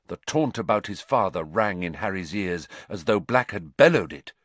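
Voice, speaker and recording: A man reading a story aloud with dramatic, expressive narration. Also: deep voice, normal speed, hardly any pauses, dry recording. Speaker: audiobook narrator. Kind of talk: scripted narration.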